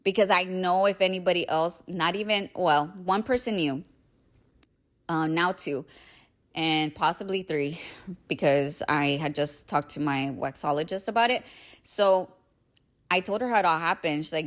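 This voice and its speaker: A young woman hosts her own podcast in a loose, emphatic motivational monologue. Her voice sits on the lower side. She leans on "like" constantly and swears freely as she talks. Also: normal speed, fairly bright tone. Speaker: podcast host.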